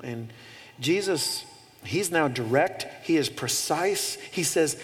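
Animated male preacher in a reverberant hall. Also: a little high, slow pace. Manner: animated storytelling with humorous asides. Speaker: pastor. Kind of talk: sermon.

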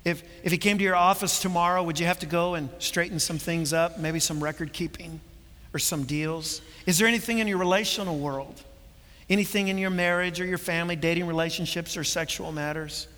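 A pastor preaching a sermon, earnest and full of rhetorical questions. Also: male voice, sits high, steady tone, a little fast, a bit bright. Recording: long hall reverb.

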